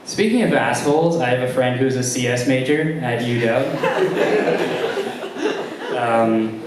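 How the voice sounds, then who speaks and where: A young man doing a stand-up comedy set, talking haltingly with many ums and restarts. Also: medium pitch, distant mic, background noise. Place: comedy club room with a live audience. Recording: very roomy live room sound.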